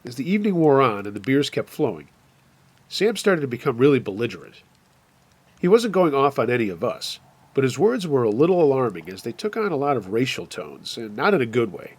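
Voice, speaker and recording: A man retelling a true scary camping story in a steady, plainspoken way. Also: mid-range voice, a little fast, slightly rough. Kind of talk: narrated first-person scary story.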